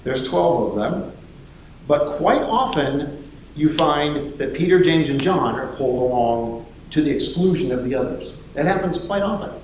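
A man preaching a sermon as lively storytelling, acting out the voices of the people in his story. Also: a little high, moderate pace, a little hiss or hum. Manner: animated storytelling, acts out voices. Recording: echoey hall.

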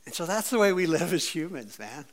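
A man preaching a sermon in a conversational, animated way, with many fillers and playful asides. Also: fairly high pitch, fairly quick. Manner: playfully acts out quoted voices. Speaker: pastor.

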